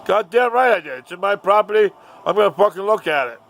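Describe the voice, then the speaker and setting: A man playing a menacing, foul-mouthed armed father who is gruff and blunt, in a told story. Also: medium pitch, normal speed, a bit bright, a little hiss or hum, natural voice.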